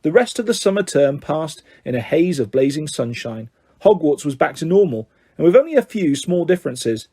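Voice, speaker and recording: A man's voice: on the high side, very animated, normal speed, warm tone, husky. A man narrating an audiobook, telling the story steadily and voicing the dialogue. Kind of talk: scripted narration.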